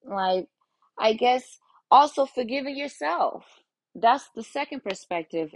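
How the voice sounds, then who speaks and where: A woman's voice: medium pitch, no room sound. A young woman hosting a solo podcast, talking frankly and casually with lots of cursing, often acting out her own inner voice. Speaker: podcast host.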